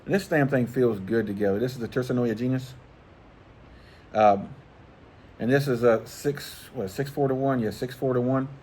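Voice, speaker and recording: A middle-aged man talks in a loose, rambling vlog style. His pitch sits in the ordinary middle, and he swears freely with easy chuckles. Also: moderate pace, darkish tone, slight background noise. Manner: rambling, profane, laid-back, chuckling. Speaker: fishing channel host. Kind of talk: casual vlog chat.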